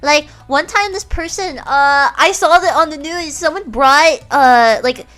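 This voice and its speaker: Bubbly high-voiced woman. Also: measured pace. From United States. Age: young adult. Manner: animated, giggly, heavy use of filler words. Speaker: streamer host. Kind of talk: casual chat.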